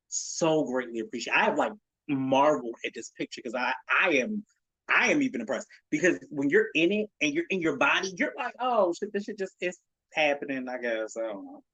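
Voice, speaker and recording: A man's voice: medium pitch, fairly bright tone, breathy edge, no room sound, low-quality recording. A man in his late thirties hosting his own podcast, talking casually and animatedly, swearing, laughing and acting out people's reactions. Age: 30s. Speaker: podcast host. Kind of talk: casual solo podcast talk.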